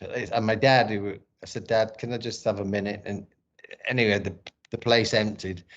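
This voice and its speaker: A middle-aged man recounts a personal story in a relaxed interview. His voice sits fairly low, and he talks candidly and emotionally, restarting sentences and swearing freely. The recording is dull and lo-fi. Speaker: podcast guest, former boxer and actor. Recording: dull lo-fi sound.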